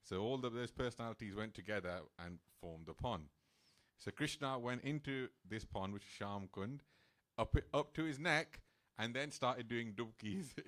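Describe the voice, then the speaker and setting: A man's voice: medium pitch, a bit bright. A man speaking as a temple speaker, telling a sacred story in a casual, chatty sermon style. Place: temple hall.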